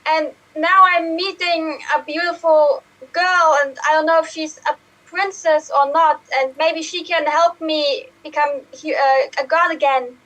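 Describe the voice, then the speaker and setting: A woman's voice: sits high, steady tone, a little slow, a bit bright, poor audio. A woman playing a naive, whiny young male hero in an improv scene. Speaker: improv performer.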